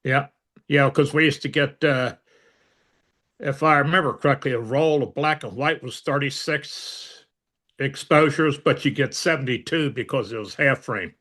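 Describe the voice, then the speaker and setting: In this storytelling interview, an aging veteran drifts through his memories with lots of filler words and deadpan wit. He speaks at normal speed in a medium-pitched voice that sounds a bit bright.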